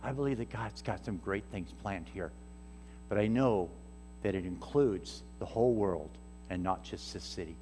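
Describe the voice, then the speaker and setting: A man's voice: fairly low pitch, moderate pace. A man preaching a storytelling sermon as a guest missionary speaker, acting out the people in his stories. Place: church sanctuary. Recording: reverberant church hall with soft music.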